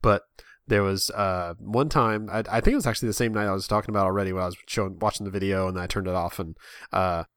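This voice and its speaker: Rambling, dry-sounding dad chatting. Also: male voice, sits low, fast, a bit bright, clean tone, no room sound. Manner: rambling with many restarts and self-mocking asides. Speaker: podcast co-host. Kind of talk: casual chat.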